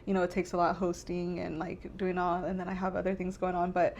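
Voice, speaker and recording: A woman's voice: lowish voice, monotone, brisk, a little mellow, highs cut off. A young woman hosts a chatty podcast, talking in long rambling runs full of fillers. She sounds tearful and emotional. A faint hum of ambience sits under her voice. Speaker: podcast host. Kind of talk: casual chat.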